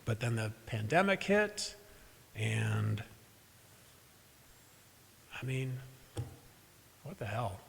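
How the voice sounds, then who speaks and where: Very slowly and with long pauses, a pastor preaches at a live church service, his medium-pitched voice swinging widely in pitch and showing vocal fry. He tells a personal story with self-deprecating asides to the congregation, and the echoey hall recording carries a little hiss or hum.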